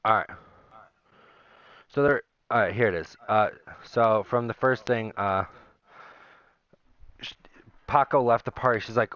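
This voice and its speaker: A lowish, slightly bright male voice, recorded without echo, speaks at normal speed with long pauses. He's a young gaming YouTuber venting to his viewers, rambling and aggrieved while going through old messages.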